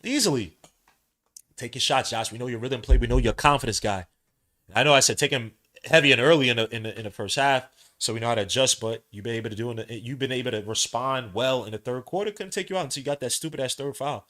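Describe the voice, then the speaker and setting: Slangy excitable man calling a game live. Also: medium pitch, quick pace. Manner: slangy, excitable, swings from loud outbursts to muttering. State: tired, yawning. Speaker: podcast host doing a live watch-along. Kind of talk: casual live game commentary. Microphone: streaming setup mic.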